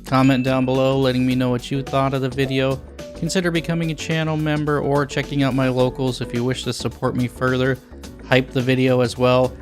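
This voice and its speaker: A man's voice: medium pitch, completely flat delivery, a little fast, soft background music. A young man reviewing a video game, blunt and sarcastic with crude jokes.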